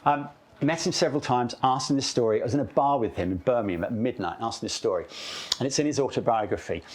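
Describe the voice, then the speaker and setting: A man giving a live talk at a club event, telling anecdotes in an animated, chatty way, often checking in with "okay?". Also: medium pitch, fast talker.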